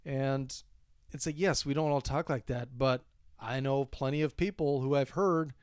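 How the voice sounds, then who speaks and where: A man's voice: mid-range voice, moderate pace, a little mellow, clear, resonant tone, no room sound, clean studio sound. A man in his thirties from Minnesota with a Minnesota accent, chatting casually as a podcast co-host, talkative and laughing easily. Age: 30s. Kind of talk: casual chat.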